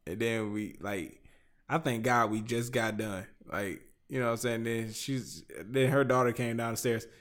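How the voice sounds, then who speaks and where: A man in casual chat, joking with a profane, lively delivery. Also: mid-range voice, unhurried.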